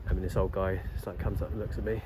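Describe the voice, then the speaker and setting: A man's voice: low-pitched, little pitch movement, racing, background noise. A young man vlogging, telling a story in a laid-back, rambling way with lots of fillers and restarts. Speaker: travel vlogger. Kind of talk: casual storytelling vlog.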